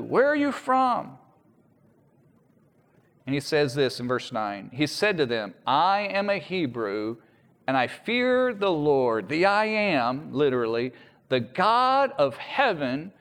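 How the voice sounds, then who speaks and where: A man preaching a sermon, telling a story with lively voiced quotes. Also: fairly high pitch. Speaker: pastor. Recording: echoey hall with long reverb.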